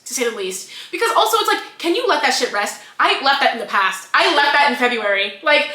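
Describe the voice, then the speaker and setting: Retelling a book's plot on a casual podcast she co-hosts, this young woman takes on the characters' voices with big pitch swings and a brisk pace. Her voice is bright and fairly high, set in a room with a noticeable echo.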